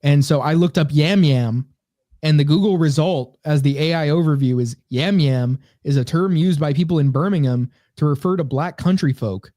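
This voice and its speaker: A man's voice: fairly high pitch, normal speed, mellow, dry recording, clean studio sound. A man co-hosting a casual comedy podcast, rambling and sarcastic as he reads comments aloud. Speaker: podcast co-host.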